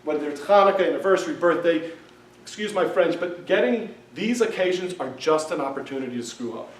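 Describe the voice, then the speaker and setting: Speaking fairly quickly and expressively in a fairly high voice, this man teaches a class in a synagogue hall. His lecture is casual and conversational, and he often checks in with the students. The mic sits far off in an echoey room.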